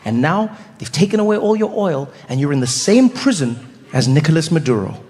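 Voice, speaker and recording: A man doing stand-up comedy, telling animated stories and jumping into character voices. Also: on the high side, brisk, long reverb tail, background noise.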